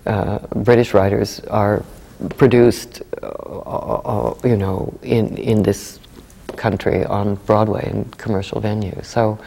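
A woman with a dark, mellow voice talks in a halting interview style, full of pauses and restarts. Her words ring out with a long reverb, as if she is in a large hall. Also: extremely low pitch, flat delivery, creaky. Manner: hesitant, many fillers and restarts. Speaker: guest actor. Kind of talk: conversational interview.

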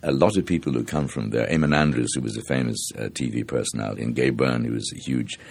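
An older Irish man with a Dublin accent, speaking in a very deep, gravelly voice with a husky edge. He tells theatre anecdotes at an easy, reflective pace, circling back with fillers and restarts. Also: fast, darkish tone. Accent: Dublin, South Circular Road. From Ireland. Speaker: actor. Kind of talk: interview, storytelling.

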